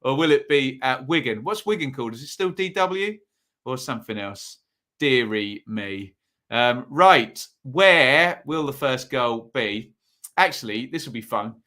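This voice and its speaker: Male streamer, bright tone, rambling casual chat, lots of ums, home live stream. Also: medium pitch, animated, a little slow. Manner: rambling, chatty, many ums and self-corrections. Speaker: football watchalong streamer. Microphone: phone or desk mic at a home setup.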